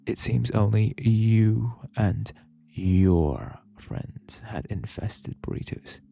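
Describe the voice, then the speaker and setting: A man whispering as a vindictive principal, gravelly and menacing, whispered role-play. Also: deep voice, warm tone, no echo, full character voice. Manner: growling, scary little whisper.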